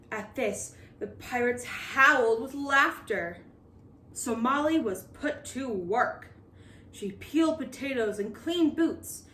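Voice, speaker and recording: A woman reading a children's picture book aloud in a lively, expressive storytelling manner. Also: a little high, takes it slowly, far from the mic. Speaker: storybook reader. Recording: roomy echo.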